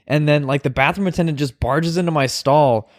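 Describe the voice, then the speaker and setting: A man's voice: fairly high pitch, fairly quick, no echo, clean studio sound. A young man co-hosting a podcast, telling a story in a laid-back way with lots of fillers and swearing. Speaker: podcast co-host. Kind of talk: casual chat.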